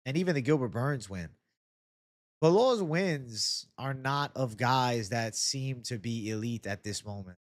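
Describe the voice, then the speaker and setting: A man's voice: mid-range voice, expressive, a little slow, no echo, studio quality. Casual, swearing man hosting a live stream. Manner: chatty, reads and answers viewer comments, swears freely. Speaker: MMA YouTube host.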